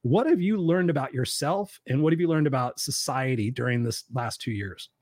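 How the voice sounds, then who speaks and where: A man's voice: mid-range voice, moderate pace, darkish tone, dry recording, clean studio sound. A man hosting a casual live talk show, rambling loosely through stories and swearing freely. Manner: loose, profane, rambling storyteller. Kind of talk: casual live-stream chat.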